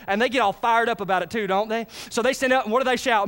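A man's voice: extremely high pitch, fast talker, few pauses. A man preaching a sermon, calling on the congregation to answer him. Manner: lively, calls on the congregation to answer. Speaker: pastor.

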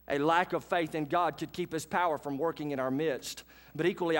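A man, preaching a sermon in a church with animated, folksy asides to his congregation. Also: on the high side. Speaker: pastor. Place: church sanctuary.

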